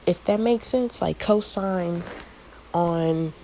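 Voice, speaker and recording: A woman with a low, mellow voice talks casually about faith, rambling and stopping often to hunt for her words. A faint hiss of noise sits under the recording. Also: slow, poor audio. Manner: rambling, searching for words, many fillers; addresses listeners as y'all. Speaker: channel host giving a prophetic word. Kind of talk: casual spiritual vlog talk.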